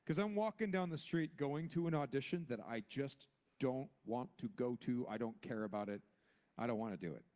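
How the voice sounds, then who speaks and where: A man's voice: normal speed, darkish tone. A man in his forties on a convention panel, telling a long anecdote and acting out each character with big jumps in his voice. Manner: acts out every character with big pitch jumps. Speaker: guest actor on a convention panel.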